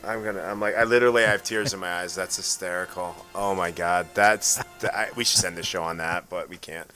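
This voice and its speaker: A man's voice: low-pitched, fairly even intonation, fairly quick, pushed and bright, faint music behind. A man hosting a casual podcast, chatty and full of restarts as he wraps up the show. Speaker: podcast host.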